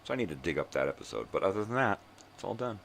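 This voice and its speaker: An older man from Southern California talks in an extremely low voice with a gravelly rasp. He rambles through a morning video monologue. He swears freely and rants with long drawn-out fillers. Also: big pitch swings, fairly bright tone, slight background noise. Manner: profane, ranting, drawn-out fillers. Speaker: vlog host.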